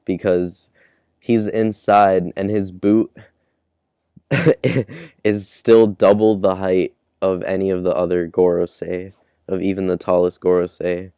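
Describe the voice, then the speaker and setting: A man's voice: deep voice, flat delivery, measured pace, dark tone, clear, resonant tone, no room sound. A man casually reviewing a manga chapter, laid-back, chuckling and thinking aloud. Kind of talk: casual chapter read-along.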